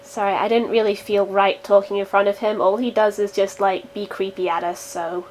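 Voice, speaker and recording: A woman's voice: mid-range voice, little pitch movement, moderate pace, darkish tone, a little hiss or hum, natural voice, rough recording. A woman voicing a wary young female wasteland survivor in a tabletop role-play, speaking in a hesitant, uneasy way.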